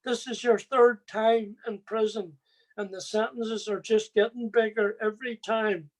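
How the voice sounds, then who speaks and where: A man's voice: high-pitched, fairly even intonation, unhurried. A man voicing a distraught older mother who weeps and scolds her son, in a tearful, reproachful tone. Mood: tearful scolding.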